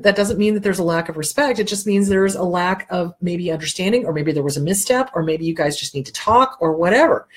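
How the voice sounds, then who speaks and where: Husky-voiced blunt middle-aged woman with a cold. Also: on the low side. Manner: blunt and emphatic, swears freely. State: has a cold. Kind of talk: casual advice talk.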